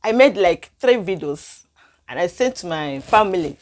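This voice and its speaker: A young woman vlogger telling a personal story to her viewers in non-standard English, emotional and animated. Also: lowish voice, moderate pace. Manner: animated, emotional retelling with frequent laughs and sighs.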